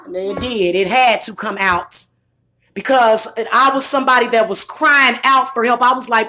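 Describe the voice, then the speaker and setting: A woman venting angrily in a profane vlog rant, with bursts of shouting. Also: sits high. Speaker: vlogger. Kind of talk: angry ranting vlog.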